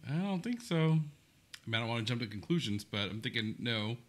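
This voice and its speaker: A man hosting a reaction video, chatting casually and breaking into animated exclamations. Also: medium pitch, a little fast, loud music behind the voice.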